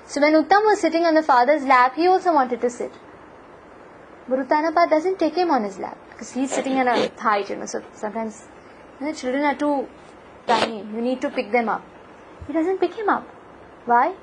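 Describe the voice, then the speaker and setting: High-voiced woman telling a sacred story. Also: a little fast, noisy background. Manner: animated, frequent "you know" fillers. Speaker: lecturer. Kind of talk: devotional storytelling lecture.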